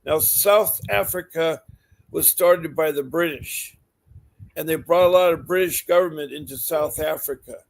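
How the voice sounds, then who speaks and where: Guy hosting a call-in show, slightly high voice, folksy and asks lots of questions. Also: measured pace, vocal fry. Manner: folksy, questioning, steers the talk. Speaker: talk show host.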